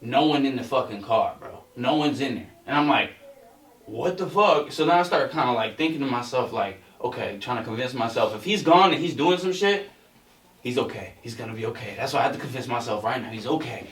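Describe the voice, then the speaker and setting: A man on a podcast telling a story in a casual, animated, profane way, saying "bro" constantly. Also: mid-range voice, fairly quick. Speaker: podcast co-host. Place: podcast studio. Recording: roomy sound from a distant mic.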